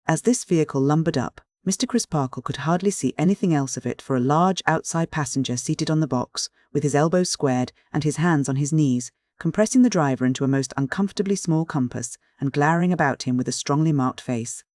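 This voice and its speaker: Steady audiobook narrator, dry sound. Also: mid-range voice, fairly quick, hardly any pauses, dry recording.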